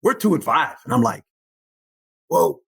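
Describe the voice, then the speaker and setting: Animated husky older man telling stories. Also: a little high, a little slow. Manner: animated, repeats phrases, emphatic bursts. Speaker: guest, former football coach. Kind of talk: storytelling interview.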